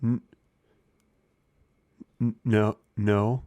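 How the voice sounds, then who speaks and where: A man co-hosting a casual comedy podcast, telling absurd jokes with a deadpan delivery. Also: lowish voice, very slow, no room sound. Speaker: podcast co-host.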